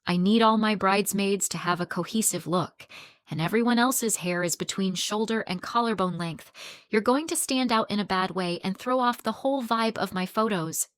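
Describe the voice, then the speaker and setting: A demanding young bride, dismissive and self-centred, as a woman narrator puts her on. She sits at an ordinary pitch, and the sound is dry and close. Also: moderate pace, no echo, close to an everyday voice.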